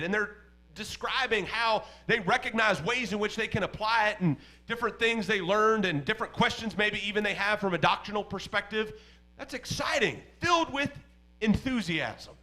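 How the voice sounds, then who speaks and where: A male preacher with a high, very bright and ringing voice delivers an animated sermon. He leans hard on key words, then drops to a hush before rising again. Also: low-quality recording. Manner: animated, emphatic, swings between loud and hushed.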